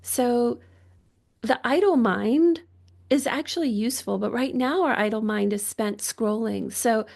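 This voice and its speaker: This guest physician on a podcast talks at a measured pace in a fairly high, creaky voice. She thinks things through as she goes, frequently starting over and letting out soft laughs.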